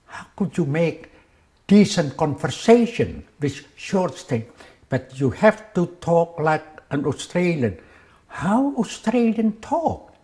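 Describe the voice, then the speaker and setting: A man's voice: fairly high pitch, expressive, slow pace, warm tone. An older man remembering in an interview, speaking simple English with non-native phrasing and often repeating words as he searches for them. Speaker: war veteran interviewee. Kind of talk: reminiscing in an interview.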